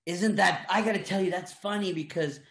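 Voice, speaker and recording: A man's voice: sits high, fairly quick, vocal fry, fairly bright tone. An older man, a voice actor, telling rambling, chuckling anecdotes in casual chat with many restarts. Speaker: voice actor guest. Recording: echoey room.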